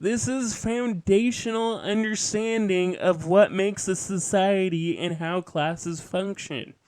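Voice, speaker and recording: A man's voice: high voice, steady tone, slow, darkish tone, clean tone. A man hosting a show, giving an earnest political commentary monologue, lecturing with asides and self-corrections. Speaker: podcast host.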